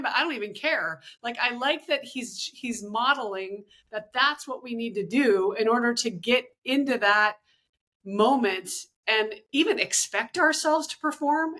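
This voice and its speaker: A woman's voice: fairly high pitch, fairly bright tone. A woman hosting a podcast, chatting casually and often restarting her sentences as she thinks aloud. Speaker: podcast host.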